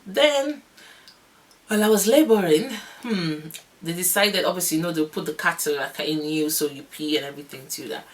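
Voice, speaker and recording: A young woman vlogger telling a long story in a casual, animated, rambling way, often laughing. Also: fairly low pitch, moderate pace. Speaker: vlogger, new mother.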